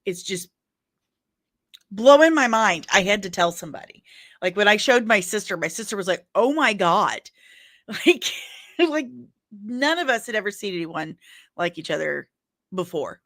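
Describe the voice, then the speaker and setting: A woman's voice: mid-range voice, very animated, moderate pace, long pauses, fairly bright tone, dry recording, studio quality. A woman chatting casually and candidly on a livestream, rambling, laughing often and apologizing in asides.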